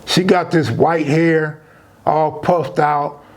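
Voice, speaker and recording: A man with a high-pitched voice recounting a true story from his past, talking loose and conversational with plenty of street slang. His delivery is relaxed and unscripted, like he's telling it to friends. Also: slow.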